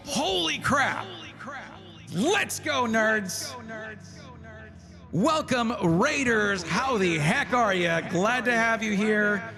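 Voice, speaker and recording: A high-pitched man hosts a live stream, his voice going hoarse as he reads out names in quick, excited bursts. Faint music plays behind him. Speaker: livestream host.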